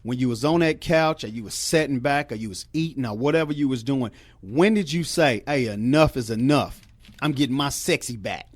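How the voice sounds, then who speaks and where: A man's voice: mid-range voice, normal speed, no room sound. A man hosting a talk show, upbeat and encouraging, with a casual slangy way of talking. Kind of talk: casual interview chat.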